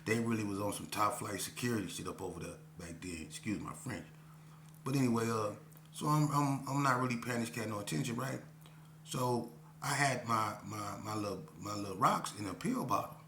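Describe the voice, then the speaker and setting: A man's voice: on the low side, brisk, bright, forceful tone. A man telling a personal story in a casual, slangy way, often saying "you know what I'm saying". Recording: roomy echo, faint hum.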